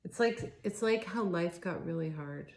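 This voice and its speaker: A woman giving a spontaneous tarot reading, awed and halting, with frequent sighs and restarts. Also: lowish voice, lively intonation, creaky, darkish tone. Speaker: tarot reader. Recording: roomy echo with faint noise.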